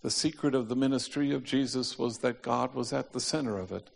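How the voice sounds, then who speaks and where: A man preaching a sermon through a story, slowing to a near hush on the key phrases and acting out the voices of the people in it. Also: mid-range voice, vocal fry. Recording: reverberant hall.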